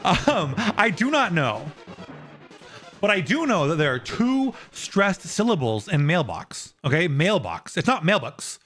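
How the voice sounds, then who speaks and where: A man's voice: high-pitched, big pitch swings, a little slow, a bit bright, faint music behind. A young man streaming live, casually explaining a topic and answering his viewers' chat.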